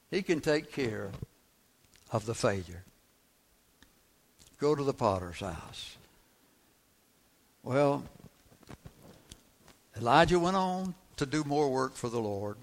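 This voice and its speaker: Gravelly-voiced male preacher, emphatic. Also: mid-range voice, very animated, slow pace, pauses often. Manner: emphatic, repeats key phrases, asks the congregation rhetorical questions. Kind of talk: sermon.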